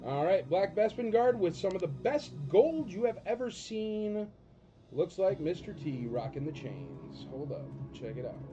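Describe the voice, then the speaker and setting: A chatty man hosts a live auction stream at an unhurried pace, very animated, rambling into jokes and speaking directly to viewers. His voice is a touch high for a man, and the dull, lo-fi audio has loud music underneath.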